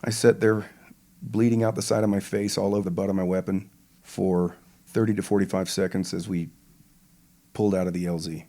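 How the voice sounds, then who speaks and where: An older man, a retired pararescueman, retelling his combat experience as a podcast guest in a slow, measured and vivid way. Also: sits low, level tone, mellow. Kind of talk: interview storytelling.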